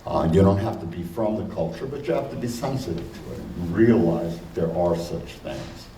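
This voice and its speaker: Male conference speaker, low warm tone, talks off the cuff, heard from afar in an echoing hall. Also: animated. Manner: conversational, many fillers, slows to stress points. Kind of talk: conference lecture. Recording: roomy hall, distant mic, faint noise.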